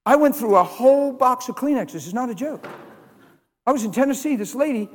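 A man with a very high voice preaches a sermon, moving between hushed, quiet moments and loud, emphatic bursts. A long reverb trails after his words, as in a large hall. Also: animated, a little fast. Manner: storytelling, swings from hushed to loud.

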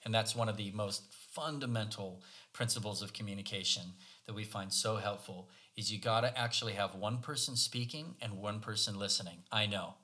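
A man's voice: lowish voice, moderate pace, few pauses, pushed and bright. A man co-hosting a conversation, telling a story about himself in a casual, self-deprecating, wry way. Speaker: podcast co-host.

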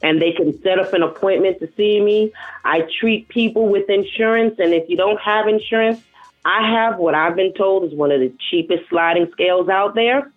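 A woman's voice: medium pitch, normal speed. A woman from the South Bronx with a New York accent, speaking frankly and playfully as a guest on a phone interview. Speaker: guest, health professional. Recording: tinny phone line with faint music.

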